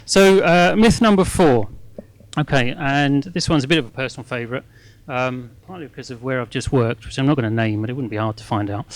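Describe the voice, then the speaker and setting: A middle-aged man giving a live talk to an audience. His speech is chatty and self-mocking, and he keeps checking in with "okay?". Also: medium pitch. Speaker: guest speaker at a fundraising masterclass.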